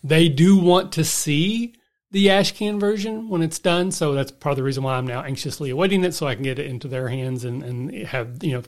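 A man co-hosting a gaming podcast, giving updates in a measured, conversational way. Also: fairly high pitch. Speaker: podcast co-host. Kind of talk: casual podcast chat.

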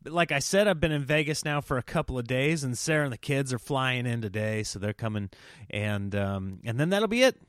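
A man's voice: medium pitch, lively intonation, a little fast, fairly bright tone, dry recording, clean studio sound. A man hosting a casual solo podcast, telling comic stories and breaking into exaggerated voices for quoted people. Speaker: comedian podcast host.

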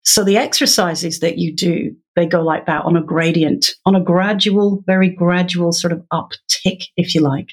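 A woman's voice: fairly low pitch, fairly even intonation, moderate pace, few pauses. A woman guest in an interview, patiently explaining in a teacherly way and laughing now and then. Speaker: literacy educator guest.

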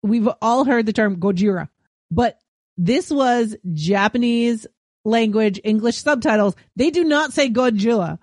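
A podcast co-host chatting casually and dropping quick asides. The voice sits in a middle pitch. It is recorded close with no room sound. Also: no echo. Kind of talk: casual chat.

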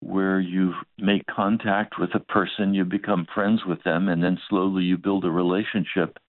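A male pastor tells a story in his sermon, acting out each side of the dialogue. His voice is low-pitched and gravelly. The recording is dry and narrow, like a phone line. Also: flat delivery, moderate pace, dry recording.

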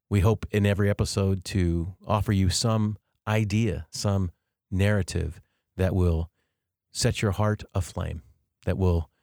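A man's voice: low-pitched, warm tone, no echo, studio quality. A man hosting a devotional podcast, teaching in an earnest, reflective way and explaining things step by step. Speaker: podcast host.

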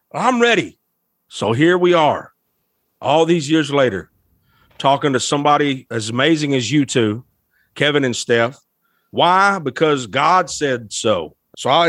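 Animated man telling a story. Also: a little high, dry recording, clean studio sound. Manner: animated, emotional, laughs often. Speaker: guest, musician. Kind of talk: storytelling anecdote.

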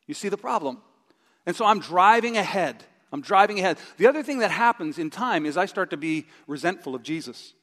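A middle-aged male pastor preaching a sermon with a live stage demonstration, animated and acting out his own inner voice with groans. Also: high-pitched, fairly quick. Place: church sanctuary. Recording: long reverb of a large hall.

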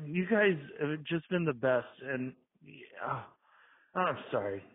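A drunk man leaving an excited, rambling voicemail from outdoors, panicking and swearing as he gushes. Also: fairly high pitch, slow pace, slightly rough. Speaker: voicemail caller. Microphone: phone. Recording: tinny phone voicemail.

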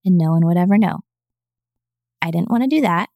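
Her voice is lowish and mellow, running a little fast, as she gives a personal testimony during a podcast interview. She speaks with earnestness and feeling, performing the voices in her quotes. The sound is studio quality with no room sound.

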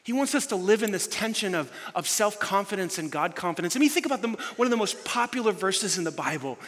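A man preaching a sermon as pastor, telling a story with animated emphasis. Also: sits high, fast talker, few pauses. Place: large church hall. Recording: long reverb in a large hall.

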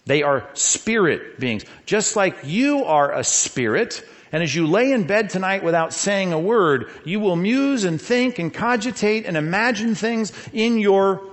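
Man, pastor, sermon, animated preaching, rhetorical questions, lively pitch.

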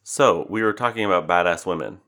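A man's voice: sits low, fairly quick, a bit bright. A man co-hosting a podcast in casual chat, blunt and sarcastic, with dry humor. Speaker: podcast co-host.

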